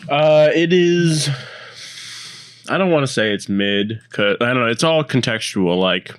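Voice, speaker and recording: A man co-hosts a podcast in casual chat, rambling with lots of fillers and restarts. His voice is on the low side, animated, at a moderate pace, with a fairly bright, smooth tone and clean studio sound lacking any room sound.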